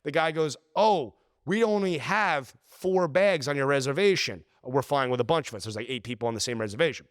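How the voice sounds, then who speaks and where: A man hosting a podcast, telling an exasperated travel story in a casual, animated way. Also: a little high, a little fast, few pauses, smooth, dry recording, studio quality. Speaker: podcast host.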